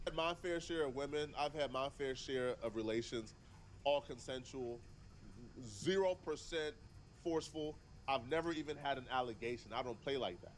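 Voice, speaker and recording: A man giving reaction commentary in a measured, deliberate way, laying out his argument step by step. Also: medium pitch, slight background noise.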